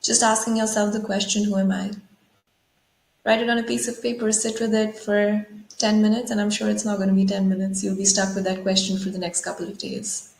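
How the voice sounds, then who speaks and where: A woman's voice: mid-range voice, little pitch movement, fairly quick, creaky. A woman guest on a talk show, explaining ideas thoughtfully and posing rhetorical questions. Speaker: guest speaker. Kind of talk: conversational explanation. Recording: roomy echo.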